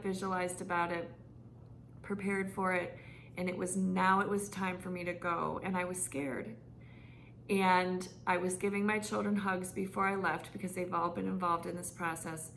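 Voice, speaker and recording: Middle-aged fitness coach lady, earnest heartfelt storytelling, bit of fry in her voice, faint hiss behind. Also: medium pitch. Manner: earnest, personal storytelling with a gently emotional tone. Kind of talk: heartfelt monthly update to members.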